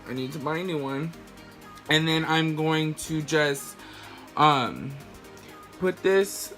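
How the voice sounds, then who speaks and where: A man's voice: on the high side, sharp tone. A man talking casually through a makeup tutorial, chatty and slangy, explaining each step while he works. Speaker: makeup vlogger.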